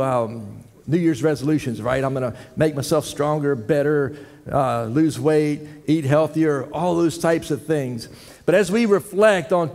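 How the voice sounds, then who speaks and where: The head elder of a church preaches a folksy sermon in a slightly high, somewhat mellow voice, telling jokes and asking the congregation questions. The recording is from the church sanctuary and carries a long hall reverb.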